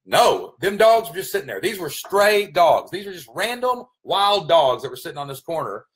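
A man from Kentucky in the United States hosts a casual vlog in a high-ish, sing-song voice at normal speed. An online business coach, he talks in a folksy, emphatic way and often repeats his phrases.

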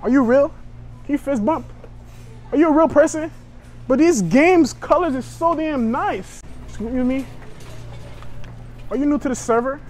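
A man's voice: extremely high pitch, moderate pace, long pauses, a little mellow. A young man chatting brashly to strangers in a store, joking and provoking as a prank vlogger. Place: inside a store.

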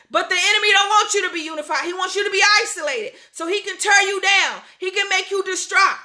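Woman preacher, very high and bright voice, fervent sermon with playful asides. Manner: fervent, shouting and laughing, goofy asides. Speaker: pastor.

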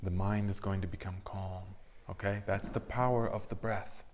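A man leading a guided breathing meditation, giving calm instructions and counting slowly through each breath. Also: low voice, a little hiss or hum. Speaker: meditation leader.

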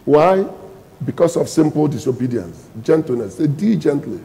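Booming pastor in an echoey hall. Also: male voice, sing-song, normal speed, gravelly. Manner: preaching with call-and-response questions and loud emphatic bursts. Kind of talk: sermon.

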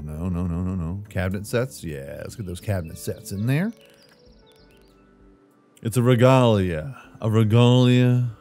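Fairly low and dark in tone, a man runs casual let's-play commentary for his gaming channel as he works on a house-building game. He announces his builds, talks to himself and jokes around playfully, dropping asides such as "brother."

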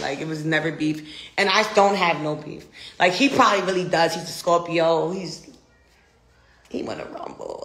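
A woman's voice: on the low side, a bit bright, echoey room. A young American woman ranting in a brash, profane, defiant way, repeating herself as she talks. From United States. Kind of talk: casual rant.

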